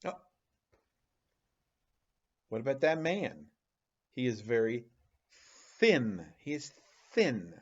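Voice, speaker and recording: Slow, animated man teaching phonics to kids. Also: mid-range voice, dull audio. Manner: slow, animated, exaggerated sounds for children. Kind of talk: phonics lesson for young children.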